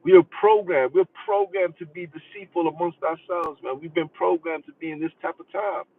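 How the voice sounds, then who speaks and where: A man's voice: on the high side, steady tone, brisk, slightly rough. A man hosting a podcast live stream, arguing in an emphatic, preachy way and hammering home repeated phrases. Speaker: podcast host. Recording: tinny phone-like sound from far off.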